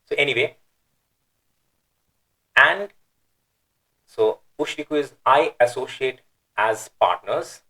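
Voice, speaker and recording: A man's voice: mid-range voice, slow pace, pauses often, pushed and bright, low-quality recording. Man patiently explaining, with emphatic intonation. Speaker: Quran teacher. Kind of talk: explanatory lecture.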